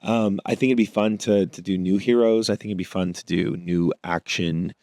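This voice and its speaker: A man with a fairly low voice talks as an actor guest in a relaxed interview. He reflects as he goes, building his answers bit by bit. The sound is dry and close, with no room around it. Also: moderate pace, no echo. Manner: thoughtful, works through ideas aloud. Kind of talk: casual interview conversation.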